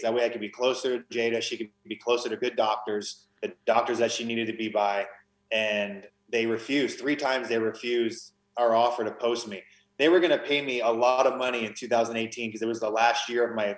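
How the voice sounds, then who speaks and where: A man's voice: mid-range voice, reverberant, low-quality recording. A man, a podcast guest, telling his story in an earnest, emotional conversational way, often restarting his sentences. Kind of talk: conversational testimony.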